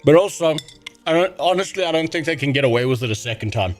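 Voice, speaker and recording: A man's voice: a little high, lively intonation, fast talker. A man ranting and joking with heavy swearing, as the host of a casual livestream, over faint music. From South Africa. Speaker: streamer.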